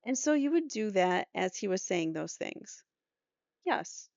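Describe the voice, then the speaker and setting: Gravelly woman reading court transcripts. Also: mid-range voice, very animated, unhurried, a little mellow, dry recording. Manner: skeptical asides between readings. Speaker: true crime podcast host. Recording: dull lo-fi dry recording.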